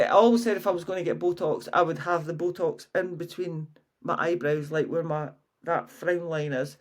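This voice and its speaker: Frank, swearing woman in her fifties. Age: 50s. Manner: frank and chatty, swears freely, lively pitch swings. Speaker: fitness coach and podcast host. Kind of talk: casual solo podcast chat.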